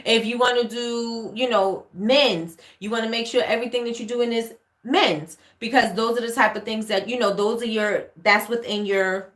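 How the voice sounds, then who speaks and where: Bright-voiced New York woman chatting live. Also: a little high, steady tone, normal speed, roomy sound. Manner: chatty, repeats herself, reads out viewer comments. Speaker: livestream host, candle maker. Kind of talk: casual livestream Q&A. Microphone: webcam or phone livestream.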